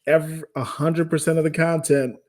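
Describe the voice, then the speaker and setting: A man from the Midwest, a radio sales director, explaining things in a measured, informative way during an interview. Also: fairly high pitch, little pitch movement, darkish tone. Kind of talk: interview conversation.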